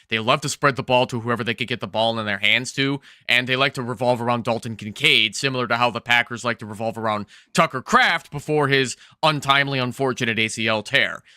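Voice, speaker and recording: A man co-hosting a fantasy football show, giving measured, explanatory advice with an occasional stammer. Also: mid-range voice, bright, forceful tone, clear, resonant tone, dry recording, studio quality. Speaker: co-host, fantasy football analyst. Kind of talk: casual sports analysis chat.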